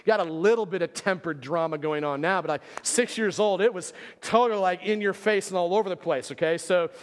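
Guy pastor in his 30s, high voice, loose rambly storytelling, lots of "like", big echoey church. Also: a little fast. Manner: casual, rambling, lots of "like" fillers. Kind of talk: storytelling sermon. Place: church sanctuary. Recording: long church hall reverb.

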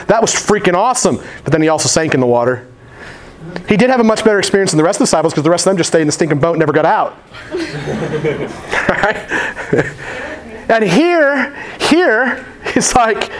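A male pastor preaching a sermon in a casual, slangy, animated storytelling way. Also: on the high side.

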